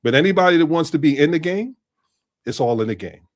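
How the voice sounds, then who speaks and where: A man's voice: fairly high pitch, lively intonation, fast. A middle-aged man speaking as a podcast guest, blunt and street-wise as he talks through how things really work. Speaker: podcast guest, business strategist. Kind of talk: casual podcast conversation.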